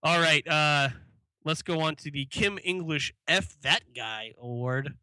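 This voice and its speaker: Bright-voiced man co-hosting a sports podcast. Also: a little high, measured pace, clear, resonant tone, no echo. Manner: easygoing, talks through awards. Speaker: podcast co-host. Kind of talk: casual sports chat.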